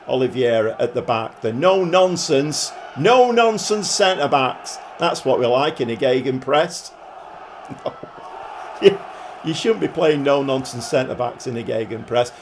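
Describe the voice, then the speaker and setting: A man giving casual, chatty play-by-play commentary on his football management game, with dry humour and swings between glum grumbling and excited cheering. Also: medium pitch, a little hiss or hum. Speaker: gaming YouTuber.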